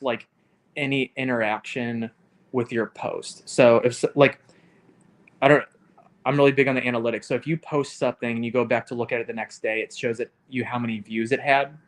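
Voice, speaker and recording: A man co-hosts a relaxed live stream chat over a call mic, his voice sitting at an ordinary middle pitch. He rambles along and fills his sentences with "like" and "um.". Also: moderate pace. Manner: rambling, heavy on fillers like "like" and "um". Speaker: co-host. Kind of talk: casual livestream chat.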